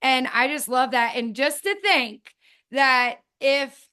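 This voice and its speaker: A woman's voice: sits high, steady tone, slow, bright, forceful tone, smooth. A woman hosting a casual chat who speaks in a heartfelt way to her guest. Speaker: host.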